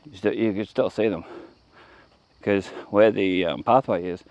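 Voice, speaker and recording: A man's voice: lowish voice, unhurried, a little mellow. An Australian man vlogging on a roadside walk, chatting off the cuff in a meandering way and trailing off mid-sentence, filmed on a camera he carries. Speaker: walking-tour vlogger. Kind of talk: rambling walk-and-talk commentary. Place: outdoors on a rural roadside.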